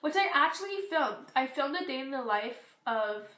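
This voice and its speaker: A teenage girl chatting through a beauty product review, rambling with fillers, her voice going hoarse. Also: high-pitched, expressive, moderate pace, fairly bright tone, reverberant. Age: teens. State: losing her voice. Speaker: beauty vlogger. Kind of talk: casual product review vlog.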